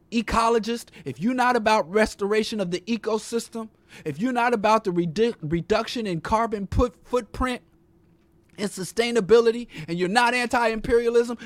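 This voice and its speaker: A man with a high voice delivers a fiery, profane political monologue. His preacher-like cadence rises and falls through rhetorical questions. The sound is close and completely dry. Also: no echo.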